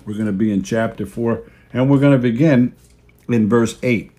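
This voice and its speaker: A man's voice: mid-range voice, normal speed, dark tone. A man pastor delivering a folksy sermon, repeating key phrases for emphasis. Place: church video service.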